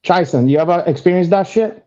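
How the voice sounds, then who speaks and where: On a casual podcast, a male co-host rambles and curses in loose, broken grammar. His voice sits high with a warm tone and a slightly fast pace, and the lo-fi audio sounds dull.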